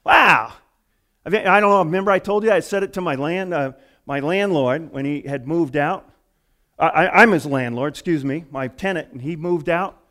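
A man's voice: fairly high pitch, normal speed, sharp tone. A male pastor giving a conversational sermon, telling stories and acting out the voices of people in them. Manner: storytelling, acting out quoted voices.

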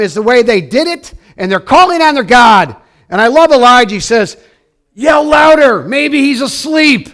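Pastor, male, high-pitched, preaching with lively swings between soft and loud delivery. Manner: animated storytelling with wide swings from quiet to loud. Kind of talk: sermon.

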